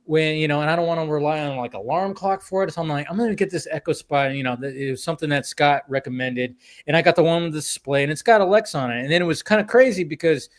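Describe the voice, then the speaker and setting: Male podcast host, casual rambling chatter, swears freely, slightly high voice. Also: fast, few pauses. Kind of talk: casual chat.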